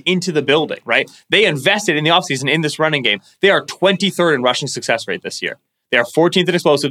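Bright, theatrical sports podcast man. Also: on the high side. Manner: theatrical mock-biblical ranting, rapid. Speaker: podcast co-host. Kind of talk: animated sports podcast chat.

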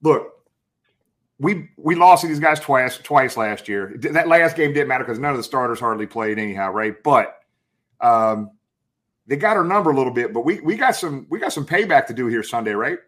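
A man's voice: mid-range voice, animated, normal speed, a bit bright. Hyped male sports show host. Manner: hyped, calls guest brother and man. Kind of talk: casual sports talk.

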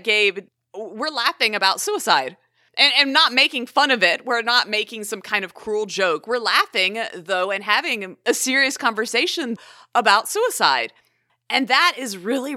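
A young woman from the American South talks on a podcast, chatty and animated and quick to laugh. Her voice is bright and forceful, and it sounds close and dry, with no room echo. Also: fairly high pitch. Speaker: podcast co-host. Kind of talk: casual podcast conversation.

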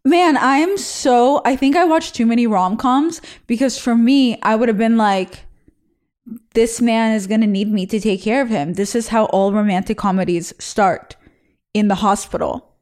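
A young Israeli woman hosts a show, reading out listener stories and reacting in a frank, bawdy, laughter-filled casual chat. Her voice sits fairly high, with a darkish tone and a moderate pace.

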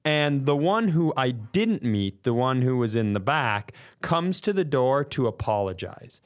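A man's voice: medium pitch, a little slow. A middle-aged man with a cough, telling a comic story in casual podcast chat and acting out what people said. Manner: animated, breaks into laughter, acts out quotes. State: sick with a cough. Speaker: podcast co-host.

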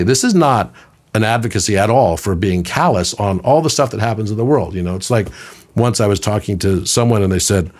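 A man in his fifties, a podcast guest, talking in a conversational, storytelling way, sometimes doing voices for quoted people. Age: 50s. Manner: animated storyteller, puts on high voices for quoted children.

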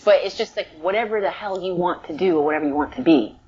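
A woman from the Bronx, an actress telling a story in a casual interview, emotional and animated, full of "like" fillers. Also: on the low side, quick pace, breathy edge. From the Bronx, New York. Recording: dull lo-fi sound.

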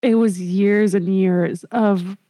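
Woman co-host, casual and chatty, mid pitch, dry recording. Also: fairly even intonation, slow, dark tone, no room sound. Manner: chatty, laughs along. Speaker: podcast co-host. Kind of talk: casual chat.

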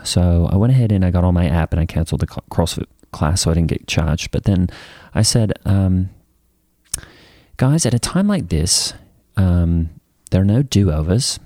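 A man playing a rambling, low-voiced youth pastor. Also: lively intonation, moderate pace, dark tone, dry recording, studio quality. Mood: rambling, earnest. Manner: rambling storytelling with many fillers and restarts. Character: rambling, self-satisfied male youth pastor. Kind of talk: improvised comedy character.

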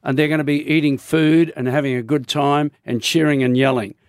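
Wry older rock singer. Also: male voice, fairly high pitch, fairly even intonation, fairly quick, clean tone, no echo, studio quality. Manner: wry, joking. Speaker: guest musician. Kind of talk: radio interview chat.

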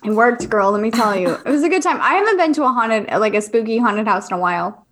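A woman in her thirties co-hosting a casual chat show, her voice sitting a little high. She tells stories with energy, jumping into squeaky voices when she quotes people. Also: quick pace. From Virginia, US. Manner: animated storyteller who acts out quotes in high voices. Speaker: podcast co-host.

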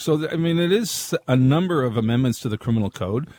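A man giving political analysis on a talk radio show, in a measured, analytical way. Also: mid-range voice, darkish tone, dry recording. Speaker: political commentator.

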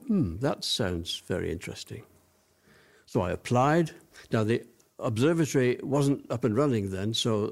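An older man recalls his past for an interviewer in an ordinary mid-range voice. He wanders through his story, pausing on fillers and restarting sentences as the memories surface. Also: medium pitch, darkish tone. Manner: rambling reminiscing with many fillers. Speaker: interview guest.

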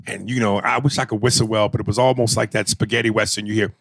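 A male comedian co-hosting casual podcast banter, trading crude, quick jabs and stories. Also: lowish voice, fairly even intonation, gravelly, fairly bright tone. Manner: crude quick-jabbing humor. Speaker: comedian co-host.

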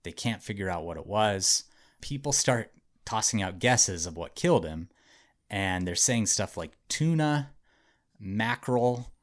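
A podcast host with a lowish, expressive voice speaks a little slowly as he tells friends a true story. His casual narration is chatty and hedging, thick with "like" and "um."

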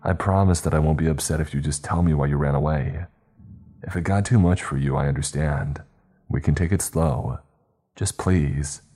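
A man's voice: very deep voice, normal speed, warm tone, slightly rough. A man voicing a shaken young man who talks in a panting, nervous way. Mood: pleading.

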